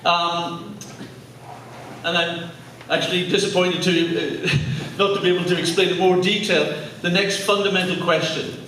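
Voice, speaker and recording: An Irish man with a fairly high voice delivers a lecture to a live audience, chatty and joking with the crowd. He is heard from a distance in a very echoey hall, with faint room noise behind him. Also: little pitch movement, measured pace, pushed and bright. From Ireland. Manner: conversational, jokey asides with audience. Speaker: speaker giving a public talk.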